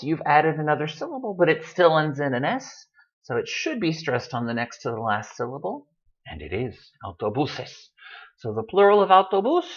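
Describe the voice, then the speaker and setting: Male tutor, patient explainer, lively swooping delivery; dull lo-fi recording. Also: fairly high pitch. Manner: patient, explanatory, repeats words slowly for emphasis. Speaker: Spanish tutor. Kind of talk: online language lesson. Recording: dull lo-fi audio.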